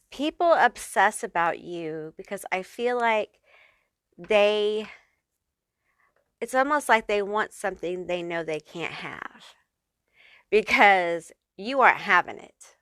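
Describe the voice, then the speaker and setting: A woman's voice: mid-range voice, lively intonation, slow pace, pauses often, a bit bright, no room sound, studio quality. A woman giving a casual pick-a-card tarot reading, chatty and reassuring, who swears freely and keeps checking in with "okay?" and "honey.". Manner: reassuring, affirming. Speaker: tarot reader.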